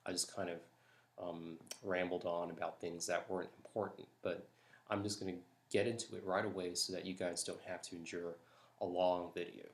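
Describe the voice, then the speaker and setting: A man from Florida, talking softly and hesitantly late at night while doing a tag video. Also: sits low, flat delivery, normal speed. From Jacksonville, Florida. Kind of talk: accent tag reading. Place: house at night.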